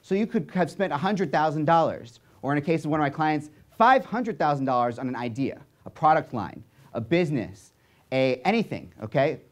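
Young adult man, stage talk, animated storytelling, frequent check-ins with the crowd. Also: on the high side, brisk. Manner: animated, lots of "right?" and "okay?" check-ins. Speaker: speaker.

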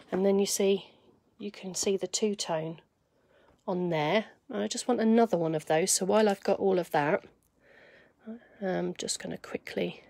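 A woman's voice: lowish voice, creaky, darkish tone, no room sound. A woman giving a live craft demonstration, chatting to viewers and thinking aloud as she works.

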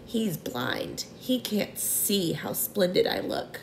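A woman's voice: fairly high pitch, lively intonation, a little slow, fairly bright tone, a little hiss or hum. A woman voicing a cocky, boastful male centipede in a children's storybook reading. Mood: whispering. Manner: proud, show-off. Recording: roomy echo.

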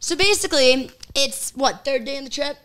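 A young woman in casual conversation, telling a personal story in a lively way and acting out quoted lines. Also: high voice. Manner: animated, quick storytelling full of quoted dialogue. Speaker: interviewee.

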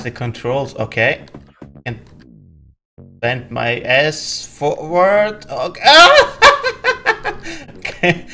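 Male let's-play host, unhurried but very animated, keeps laughing and begging the game. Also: mid-range voice. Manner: laughs often, yelps and pleads at the game. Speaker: gaming channel host.

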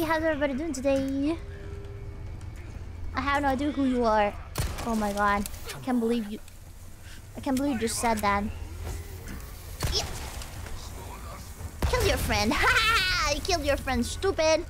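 A young woman streaming a game, chatting casually, excitable and giggly, often bursting into squeals. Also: high-pitched, normal speed, long pauses, noisy background. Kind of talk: casual gameplay chat.

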